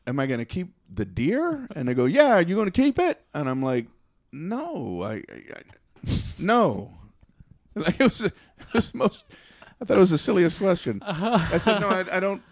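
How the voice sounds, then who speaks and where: A man's voice: fairly high pitch, huge pitch swings, dry recording, studio quality. A man casually telling a funny anecdote, stumbling over words and laughing as he goes. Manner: halting, repeats words, laughs through the story. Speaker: storyteller.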